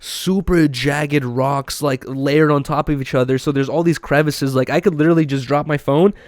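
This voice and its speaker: A man's voice: a little high, steady tone, normal speed, a little mellow, no room sound. Slangy young man telling a story. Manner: slangy, laid-back storytelling with many fillers. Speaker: podcast host. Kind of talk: casual chat.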